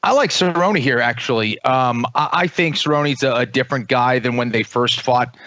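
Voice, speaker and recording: A man co-hosts a fight-preview podcast and breaks down each bout in a measured way, often pausing with "um" and "you know." The sound is muffled and dry, with no room around the voice, as if from a remote line. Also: mid-range voice, fairly bright tone, no room sound. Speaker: podcast co-host, fight analyst. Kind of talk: casual fight analysis.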